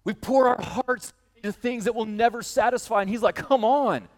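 Animated male preacher in a reverberant hall. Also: very high voice, fairly quick. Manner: animated storytelling, speaking straight to the congregation. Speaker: pastor. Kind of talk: sermon. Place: church hall.

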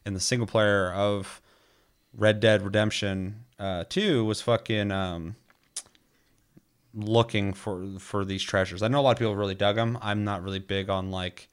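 A man's voice: lowish voice, fairly even intonation, moderate pace, clean tone. A man chatting casually about a video game, loose and rambling, with lots of filler words and frequent swearing.

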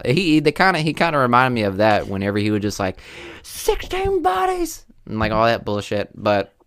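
A man's voice: medium pitch, a bit bright, clean tone, no room sound, studio quality. A young man co-hosting a podcast, casual and emphatic, swearing freely and acting out characters. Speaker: podcast co-host. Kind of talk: casual movie discussion.

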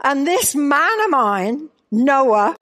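An older woman with a Northern Irish accent tells a church story with humor and animation. Her voice sits high, and she speaks at a slow, unhurried pace, laughing now and then along the way. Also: big pitch swings, a bit bright. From Northern Ireland. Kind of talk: storytelling sermon. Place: church gathering.

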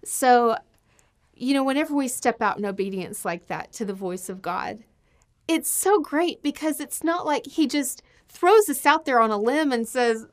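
A woman preaching a sermon with passion, her voice surging to emphatic peaks and then dropping to hushed asides. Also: fairly high pitch, animated, normal speed.

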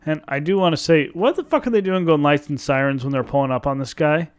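A man co-hosting a casual movie review podcast, excitable and profane, acting out lines from scenes. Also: a little high, quick pace, smooth, no echo, studio quality. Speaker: podcast co-host.

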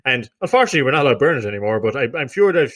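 A young Irish man in loose, rambling banter, laughing his way through sentences and dropping swear words. His voice is bright and forward, sitting at an ordinary middle pitch for a man. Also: very animated, very fast. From Ireland. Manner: rambling, laughing, swearing, doing silly vocal noises. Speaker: podcast co-host. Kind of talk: casual banter.

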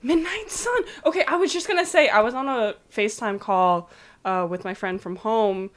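A woman's voice: a little high, moderate pace. A young woman co-hosting a podcast in casual, laughing, profane chat. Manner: laughing, animated, swears casually. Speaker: podcast co-host.

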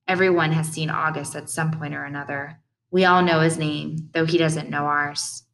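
A woman's voice: low voice, steady tone, normal speed, creaky, a bit bright. A woman narrating a first-person audiobook in a plain, conversational way.

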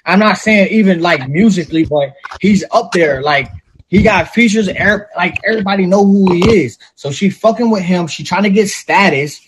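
A man talking casually as a podcast co-host, animated and profane, acting out little quotes as he argues his point. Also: high voice, moderate pace, background noise. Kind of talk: casual chat.

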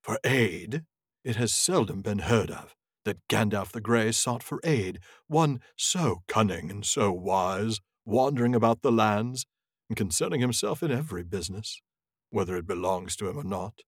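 Man putting on a proud old wizard, slow sneering drawl, low and quiet, dry sound. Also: expressive, husky, dry recording. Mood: scornful. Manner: slow, grave, scoffing delivery. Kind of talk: reading a novel aloud in character voices.

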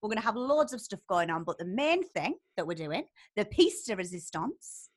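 A woman's voice: mid-range voice, very animated, moderate pace. A woman with a Geordie accent co-hosting a casual chat, upbeat and giggly. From North East England. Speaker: co-host.

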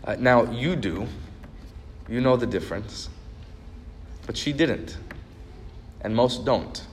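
A man's voice: medium pitch, expressive, slow, a little hiss or hum. A man preaching a sermon as a pastor, telling a story earnestly and building to emphatic repeated points. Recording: long reverb of a large hall.

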